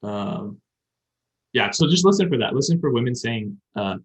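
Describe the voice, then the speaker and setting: A man's voice: mid-range voice, animated, moderate pace, breathy edge. A man hosting a podcast, explaining grammar at length in a casual chat and thinking aloud as he goes. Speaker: podcast host teaching Japanese. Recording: dull lo-fi sound.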